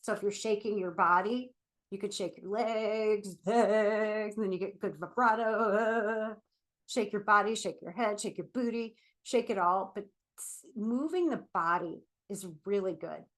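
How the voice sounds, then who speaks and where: Chatty woman therapist, standing and animated. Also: medium pitch, normal speed. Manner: chatty, animated, with frequent "like" and "right?"; speaking while standing and moving about. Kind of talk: casual explanatory vlog talk.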